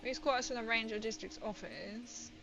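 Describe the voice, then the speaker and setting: A woman's voice: a little high, moderate pace, vocal fry, noisy background. A woman streamer chatting casually and rambling as she plays a game, laughing often and reading out viewer comments. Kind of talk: casual livestream chat while gaming.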